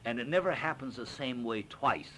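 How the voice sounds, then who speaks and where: An older man and stage actor, recounting an anecdote in an interview as an animated storyteller who acts out quotes with frequent fillers. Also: medium pitch, moderate pace, slight background noise.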